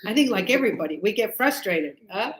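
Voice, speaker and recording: A woman's voice: medium pitch, expressive, fast, echoey room. A middle-aged woman teaching a grammar lesson to a class, acting out little scenes with voices as examples. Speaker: English teacher.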